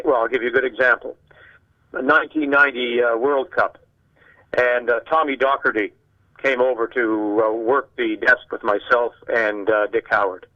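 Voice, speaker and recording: An older man from Canada, a guest sportscaster, chatting casually and telling animated anecdotes with acted-out dialogue. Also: medium pitch, normal speed, dull audio. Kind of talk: casual conversation, storytelling.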